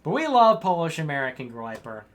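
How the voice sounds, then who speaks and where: A man's voice: a little high, big pitch swings, fairly quick. A man hosting a casual livestream show, reading viewer messages and answering with teasing, mock-scolding asides and rambling restarts.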